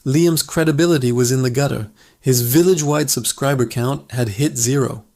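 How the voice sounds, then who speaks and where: A man's voice: mid-range voice, moderate pace, gravelly, a little mellow. A man narrating a comedic fable in a playful, dramatic way with jokey asides. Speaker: storyteller.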